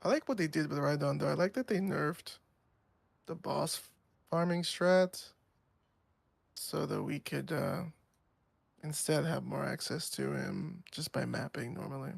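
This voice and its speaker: A man's voice: on the high side, measured pace, vocal fry, pauses often, breathy edge, dry recording. A young man streaming a game, chatting casually with a friend, joking and laughing often. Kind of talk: casual gaming chat.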